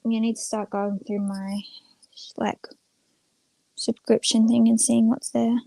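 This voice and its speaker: A woman's voice: fairly high pitch, level tone, unhurried, vocal fry, mellow, dry recording. Rambly woman live-streaming from home. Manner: rambling, many filler words, chatting to viewers. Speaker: small channel live streamer. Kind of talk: casual live stream chat. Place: room at home with the door closed.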